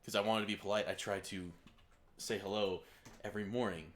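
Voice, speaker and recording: A man's voice: lowish voice, little pitch movement, fairly quick, a bit bright. A man with a Texas accent, co-hosting a podcast and telling a rambling anecdote full of fillers. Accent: Texan. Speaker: podcast co-host. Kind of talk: casual storytelling.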